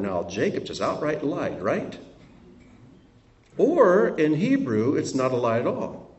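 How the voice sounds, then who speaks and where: A man teaching from scripture, reading verses aloud and breaking off for expressive asides. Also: a little high, slow, pauses often. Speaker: Bible teacher. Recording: roomy sound from a distant mic.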